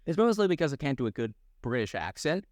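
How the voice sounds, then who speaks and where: A young man chats casually as a podcast co-host, his fairly high voice swinging widely in pitch as he jokes and laughs. The sound is dry and close to the mic. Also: big pitch swings, fast talker, darkish tone, dry recording. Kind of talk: casual chat.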